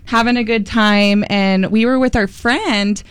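A woman's voice: mid-range voice, fairly even intonation, unhurried, smooth, no room sound. A woman tattoo artist chatting casually in a group, rambling with fillers and laughing often.

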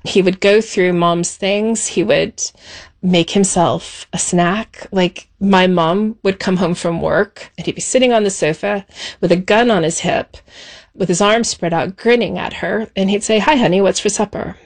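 A woman recounting her past in an interview. She speaks in a measured, reflective way, pausing softly between thoughts. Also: medium pitch. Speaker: interview guest. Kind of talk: personal recollection.

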